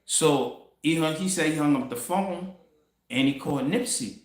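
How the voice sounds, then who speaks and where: A man hosting a casual commentary monologue, telling a story in an animated way, laughing and swearing as he goes. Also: a little high, normal speed, reverberant. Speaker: commentary host.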